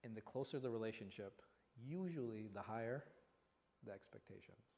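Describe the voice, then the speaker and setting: A man, an imam, giving a conversational religious lesson, animated and full of rhetorical questions. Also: fairly low pitch, moderate pace, gravelly. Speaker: imam teaching a class. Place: mosque hall. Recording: long reverb in a hall.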